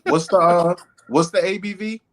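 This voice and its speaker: A man co-hosting a podcast, teasing the host and firing off quick questions. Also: high-pitched, fairly even intonation, a bit bright. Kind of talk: casual chat.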